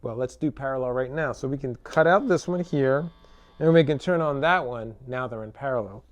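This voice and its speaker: A man's voice: medium pitch, a little fast. Laid-back man demoing a guitar, loose and talky, full of fillers and tag questions. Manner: relaxed, chatty, many fillers and tag questions. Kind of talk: casual product demo talk. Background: electric guitar playing.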